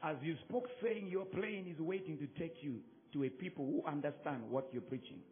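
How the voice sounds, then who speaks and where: Pastor guy preaching, swings loud then quiet, sounds like it's coming through a phone. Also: fairly high pitch, moderate pace, narrow, tinny audio. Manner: emphatic, calls out to the congregation with sudden loud bursts and soft drops. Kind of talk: sermon.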